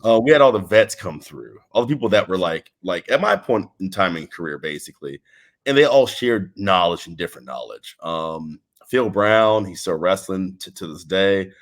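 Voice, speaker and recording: A man from Texas chats as an interview guest in a low-pitched voice. He talks loosely, restarting sentences and trailing off, relaxed and unhurried. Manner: laid-back, rambling with restarts and laughs. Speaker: wrestling guest. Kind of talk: casual interview chat.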